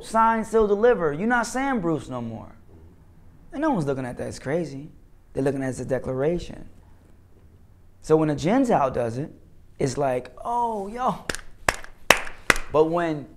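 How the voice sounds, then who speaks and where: A man's voice: on the high side, a little mellow. A man, a comedian and actor, talking as an interview guest in an emphatic, repetitive, preaching way, often asking "you know what I'm saying". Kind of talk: casual interview talk, preaching tone.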